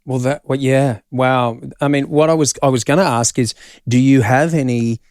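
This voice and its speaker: A man's voice: mid-range voice, fairly even intonation, moderate pace, a little mellow, no room sound, studio quality. A man with an Australian accent hosting a podcast, reacting with frequent exclamations and musing aloud. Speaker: podcast host. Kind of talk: casual interview chat.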